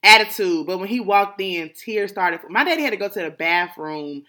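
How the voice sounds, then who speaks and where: A woman speaks in a personal, reflective monologue. Her voice is bright, and she leans into emphatic, prayer-like repetition of thanks. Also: medium pitch, expressive, normal speed. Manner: emphatic, repeating gratitude phrases like a prayer.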